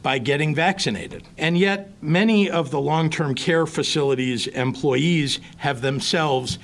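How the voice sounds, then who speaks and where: A man, a politician, delivering a formal public statement in a firm, measured way. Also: a little high.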